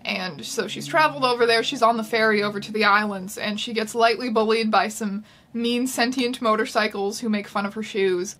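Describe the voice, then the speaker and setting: Woman host, comedic book reading, wry deadpan asides, higher voice. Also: a little fast. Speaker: YouTube host.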